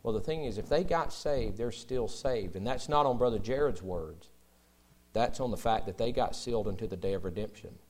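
A man's voice: lowish voice, moderate pace, darkish tone. A young adult man, a pastor preaching a sermon in a conversational way that rises into emphatic bursts.

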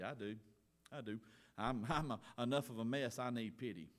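A middle-aged man preaching a sermon in church, folksy and earnest, swinging from loud exhortation to quiet asides. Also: mid-range voice, normal speed. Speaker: pastor.

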